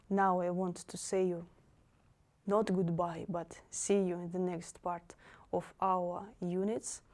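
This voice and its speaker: A woman's voice: fairly low pitch, darkish tone. A young woman teaching an online language lesson, patiently saying each word twice for learners to repeat.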